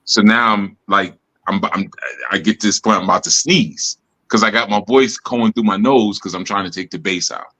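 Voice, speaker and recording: A man with a low, deep bass voice that carries a bright, forceful edge. He talks in a relaxed, reflective way, working through ideas aloud with frequent "you know" asides. He sounds like someone speaking on a live stream. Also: normal speed. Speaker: spiritual teacher and host. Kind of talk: casual teaching talk. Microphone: live stream mic.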